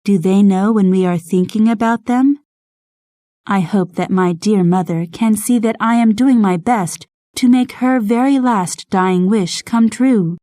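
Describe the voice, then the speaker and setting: A woman voicing a gentle, grieving young woman, speaking softly and earnestly in an audiobook, recorded close to the mic. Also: mid-range voice, no echo, natural voice. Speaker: Charlotte. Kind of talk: audiobook dialogue reading.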